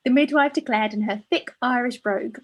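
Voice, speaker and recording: A woman's voice: a little high, brisk, slight background noise. A woman co-hosting a podcast, chatting casually, laughing often and reading a listener's letter aloud. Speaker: podcast co-host.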